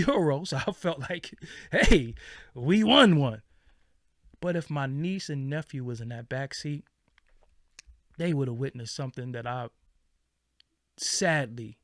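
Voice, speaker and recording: Hosting his own channel, a man with a voice on the high side tells a casual, animated story, cursing liberally and performing other people's lines. The sound is clean studio quality with no echo.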